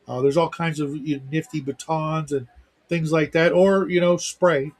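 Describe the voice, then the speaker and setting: A man's voice: a little high, steady tone, normal speed. A middle-aged man hosting a livestream talk show in casual chat, rambling with lots of fillers. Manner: rambling, heavy use of fillers.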